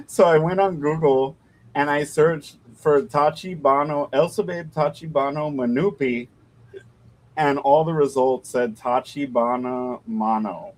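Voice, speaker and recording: A man's voice: on the high side, unhurried. A man co-hosting a casual livestream chat, telling stories loosely and swearing freely. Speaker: co-host of a doll shop stream.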